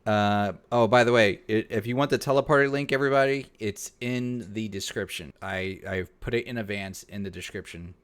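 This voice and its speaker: A man hosting a casual live-stream chat on a video call, relaxed and chuckling as he explains things at length. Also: fairly low pitch, moderate pace, hardly any pauses, clean tone. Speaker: host.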